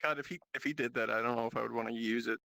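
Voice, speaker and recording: A man's voice: medium pitch, steady tone, very fast, vocal fry, sharp tone, no room sound, poor audio. A man hosting a casual group chat, rambling, laughing often and swearing freely. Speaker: podcast host. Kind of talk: casual group banter about VR.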